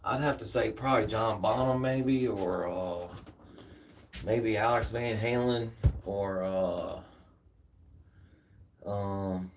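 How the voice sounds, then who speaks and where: A man's voice: fairly low pitch, slow pace, pauses often, slight background noise. Tired laid-back Southern man, off-mic. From United States. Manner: laid-back, rambling, slangy. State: tired after a workout. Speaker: streamer. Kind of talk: casual chat with viewers. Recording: distant from the mic.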